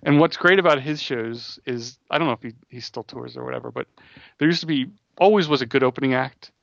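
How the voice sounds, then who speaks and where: A man co-hosting a casual podcast chat, rambling quickly with frequent restarts. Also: medium pitch, vocal fry, fairly bright tone, dry recording. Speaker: podcast co-host. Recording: dull dry close-mic audio.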